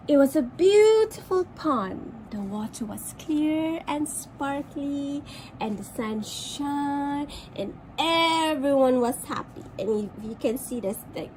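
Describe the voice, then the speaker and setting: A woman's voice: high voice, animated, slow pace, a little mellow, slight background noise, low-quality recording. A woman from Malaysia, a teacher, reading a picture book aloud to children with chatty asides about the pictures. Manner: chatty asides to young listeners, pointing at pictures.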